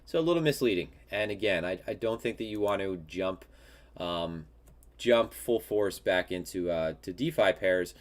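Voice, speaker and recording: A man with a very low, congested voice hosts a live market commentary show. He talks loosely and off the cuff, full of ums and restarted phrases. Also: expressive, moderate pace. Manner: casual, many fillers and restarts. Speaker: crypto market show host.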